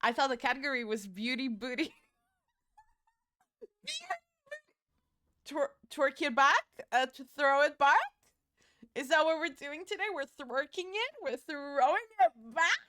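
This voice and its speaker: With a high, sharp-toned voice that swings widely in pitch, this young Portuguese woman speaks a little slowly and pauses often. She's doing her makeup on stream, chatting and swearing freely in her Portuguese accent, rambling between playful outbursts.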